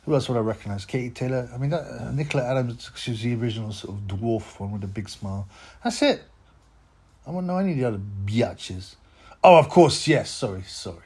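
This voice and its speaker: A man's voice: medium pitch, expressive, brisk, a little mellow, breathy edge. A man hosting a boxing channel, talking in a rambling, mocking rant with lots of stammered restarts. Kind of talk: casual rant to camera.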